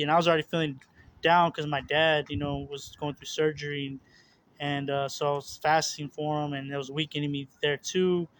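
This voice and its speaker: With a fairly bright voice on the high side, a young religious video host opens up about his spiritual struggles. He speaks casually and earnestly, in a confessional tone, rambling through restarts, fillers, and repeated words.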